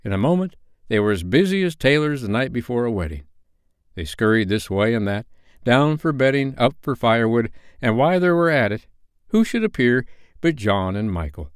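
Man, storyteller, bedtime story, lively ups and downs, dry close sound. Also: medium pitch, normal speed, smooth, no room sound. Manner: expressive, animated reading.

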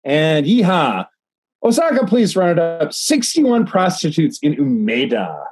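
Husky tipsy man reading news. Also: fairly high pitch, sing-song, unhurried, a little mellow, no room sound. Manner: rambling, swears a lot, frequent restarts. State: tipsy from drinking. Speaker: podcast co-host reading news stories. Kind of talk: casual profane banter, reading articles aloud.

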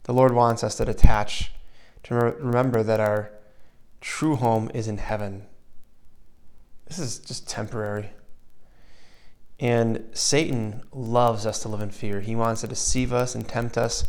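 A man preaching a sermon in an earnest way, dropping to a soft hush when he voices comforting words and rising again for emphasis. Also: mid-range voice, steady tone, unhurried, long pauses. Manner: earnest, shifts between loud emphasis and soft hushed asides.

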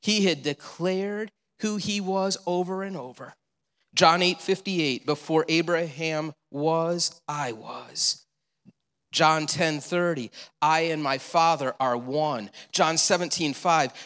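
A male pastor preaching a sermon, animated and storytelling, with rhetorical questions and repeated answers. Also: on the high side, slow, big-room sound.

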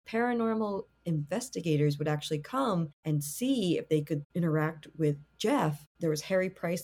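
Chatty woman with a lowish voice. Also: a little mellow. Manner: chatty, lots of "like" fillers. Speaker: podcast co-host. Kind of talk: casual storytelling.

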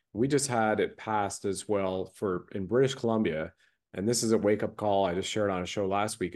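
A man's voice: lowish voice, darkish tone. Intense ranting male host. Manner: intense, rapid-fire ranting. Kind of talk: casual chat.

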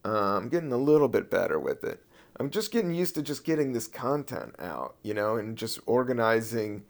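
A man hosting his own podcast as a comedian, talking in a loose, meandering way with casual swearing, a little high. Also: sing-song, moderate pace, vocal fry. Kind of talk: casual rambling podcast monologue.

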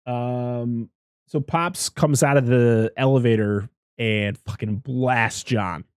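A man's voice: mid-range voice, slow, clear, resonant tone, no room sound, studio quality. A man in casual podcast chat, rambling through a movie recap, swearing freely and acting out the characters' lines.

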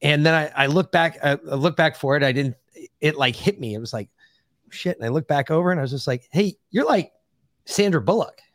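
A man's voice: fairly high pitch, brisk, no echo, studio quality. A man on a podcast, telling a long, profane, rambling anecdote in a casual chat. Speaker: podcast co-host.

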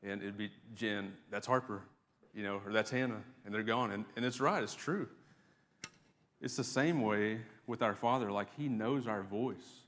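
Male pastor, lowish voice, chatty preaching to the congregation, long church reverb. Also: moderate pace, fairly bright tone. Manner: conversational preaching with fillers and repeated words. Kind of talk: sermon. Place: church sanctuary.

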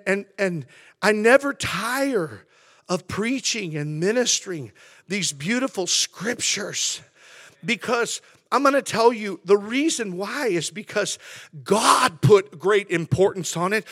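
A man preaching a sermon as pastor, building from quiet reflection to passionate shouting with lots of repetition. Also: high voice, no echo. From California.

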